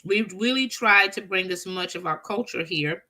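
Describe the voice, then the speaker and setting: A woman's voice: medium pitch, normal speed, sharp tone. A middle-aged woman co-hosting a casual chat show, reading a news article aloud with small restarts and easy laughs. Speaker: co-host.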